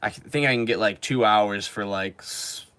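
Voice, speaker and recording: A man's voice: on the low side, moderate pace, pushed and bright, clean tone, dry recording. A man in his twenties streaming casually, telling rambling stories full of fillers and reading viewer comments. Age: 20s. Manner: rambling, filler-heavy storytelling. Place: home in Japan.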